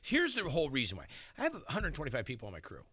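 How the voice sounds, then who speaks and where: Middle-aged guy on radio, bright punchy voice, dry studio sound, acts out everyone in his stories. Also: medium pitch, rapid-fire, breathy edge, dry recording. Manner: animated, tells stories acting out other people's lines. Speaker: celebrity chef guest. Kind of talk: radio interview storytelling.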